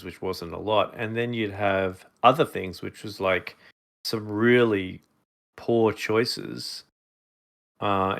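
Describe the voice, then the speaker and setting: A podcast co-host with a fairly low, fairly bright voice rambles through casual chat, using many fillers and restarts.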